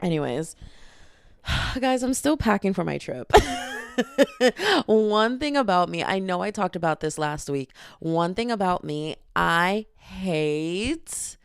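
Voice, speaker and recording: A woman's voice: on the low side, expressive, slow, gravelly, clear, resonant tone, no room sound, clean studio sound. A young woman in her twenties hosting a solo podcast, chatting casually in a rambling, self-deprecating, jokey way into a microphone. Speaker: podcast host.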